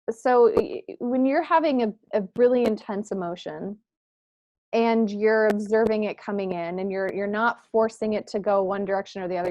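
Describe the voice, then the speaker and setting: A woman hosting an interview, asking thoughtful, measured questions over a video call. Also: mid-range voice, darkish tone, no echo, highs cut off. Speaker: host.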